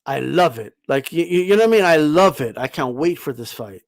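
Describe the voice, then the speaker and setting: A man's voice: a little high, animated, a little fast, creaky, no echo. A man hosting a boxing channel, talking in a casual, emphatic monologue. He swears freely, keeps tagging lines with "okay?", and stammers and restarts when he gets heated.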